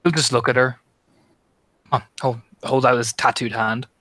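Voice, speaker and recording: A man's voice: medium pitch, steady tone, normal speed, bright, forceful tone, dry recording. A man narrating as game master of a tabletop horror game, dramatic and imitating heartbeats. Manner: dramatic, mimics heartbeat sounds.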